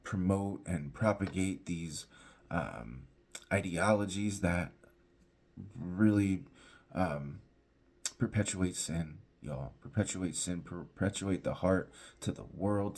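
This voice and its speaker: Deep-voiced man giving a casual devotional. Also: darkish tone. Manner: conversational, restarts and fillers, emphatic repetition. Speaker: pastor. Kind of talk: informal devotional teaching.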